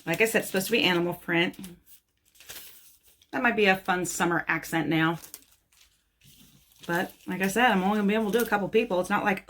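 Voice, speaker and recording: A woman's voice: medium pitch, fairly quick, long pauses, a bit bright. A woman nail technician chatting casually and bluntly while showing nail art supplies she bought. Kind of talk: casual product haul talk.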